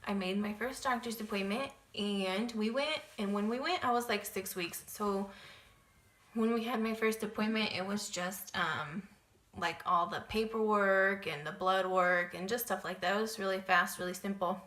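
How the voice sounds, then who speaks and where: A young woman chats through a story-time vlog with a bright, forceful voice. She talks casually and loosely, leaning on "like" and "um". The room is echoey around her. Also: mid-range voice, fairly even intonation, moderate pace. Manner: chatty, lots of "like" and "um" fillers. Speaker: vlogger.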